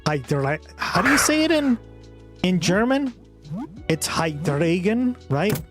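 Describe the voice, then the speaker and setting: A streamer with a mid-pitched voice chats casually with viewers, teasing and swearing freely. Light music plays faintly behind the talk. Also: very animated, slow. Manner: chatty, swearing, playful teasing. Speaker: streamer reacting to videos. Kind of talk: casual live-stream chat.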